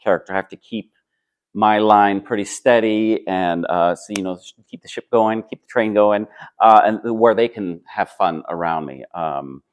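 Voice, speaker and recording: A stage actor with a lowish voice answers interview questions at a normal pace, friendly and thoughtful, speaking into a clip-on mic.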